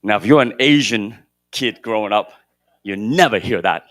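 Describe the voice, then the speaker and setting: A middle-aged man giving a motivational keynote at a conference, shifting between loud emphasis and hushed moments. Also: lowish voice, moderate pace, no echo, clean studio sound. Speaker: keynote speaker at a real estate conference. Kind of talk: motivational storytelling speech. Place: conference hall stage.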